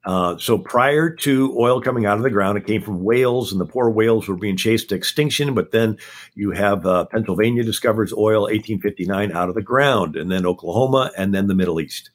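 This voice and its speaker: A man with a lowish voice runs through history as a show guest. He talks fast and stacks point upon point without stopping. It sounds like a quick-fire lecture delivered in conversation. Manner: talks fast, packing in facts one after another.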